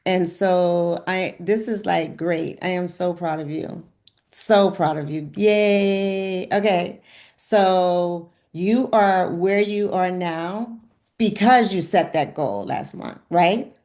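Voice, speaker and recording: A woman coaching a client on a video call, warm in her praise and repeating herself as she cheers the client on. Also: on the low side, slow pace. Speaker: health coach leading a group check-in. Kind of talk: encouraging coaching session.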